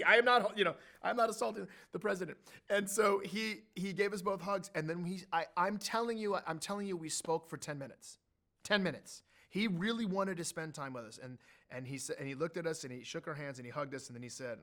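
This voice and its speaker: A middle-aged man telling animated stories as an interview guest, his pitch and loudness jumping suddenly. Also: brisk. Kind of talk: storytelling in an interview.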